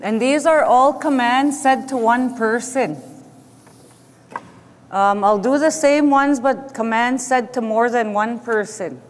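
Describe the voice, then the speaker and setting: A man teaching a language class who says each word slowly and then repeats it. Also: extremely high pitch. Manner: slow, patient, repeats each word twice. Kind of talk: language lesson, repeating vocabulary. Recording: echoey room with long reverb.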